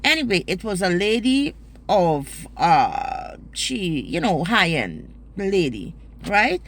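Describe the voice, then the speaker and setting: A woman's voice: fairly low pitch, big pitch swings, slow pace. A woman with a Guyanese accent telling a personal story in a vlog. She speaks emphatically, swears freely and uses Creole turns of phrase.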